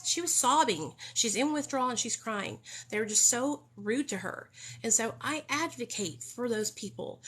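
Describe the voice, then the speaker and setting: A woman's voice: fairly high pitch, fairly bright tone, breathy edge. Young adult woman, casual live-stream vlogger, emphatic and a bit defensive. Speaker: vlogger on recovery.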